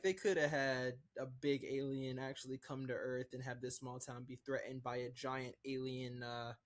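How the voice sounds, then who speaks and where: A man talks in a loose, excited ramble as a podcast co-host. His sentences trail off and restart, full of filler words. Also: medium pitch. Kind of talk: casual chat.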